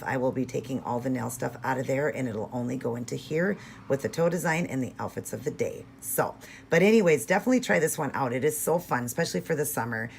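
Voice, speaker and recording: A woman calmly talking viewers through a nail art tutorial step by step, in a patient, instructive way. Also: a little hiss or hum. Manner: patient, instructive, low-key.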